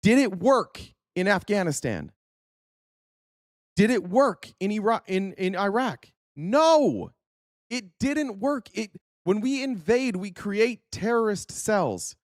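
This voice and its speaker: A man with a high-pitched voice delivers a heated, profane political rant as host of his show. His talk is insistent and full of swearing. The recording is dry and close, with no room sound. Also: animated, slow, no echo.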